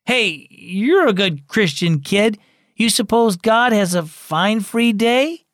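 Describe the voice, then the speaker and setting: A man's voice: sits high, expressive, slow, fairly bright tone, no echo, clean studio sound, pitched above the performer's own voice, heavily acted. A man voicing a weary drunk neighborhood man who slurs and mutters, as the reader of a children's radio story. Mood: muttering. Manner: slurred, muttering.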